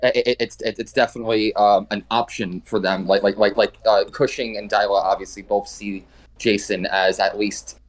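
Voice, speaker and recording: Male podcast co-host, lowish voice, rambling, hedging delivery. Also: flat delivery, normal speed. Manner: hedging, many repeated "like" and "I mean". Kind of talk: casual football chat.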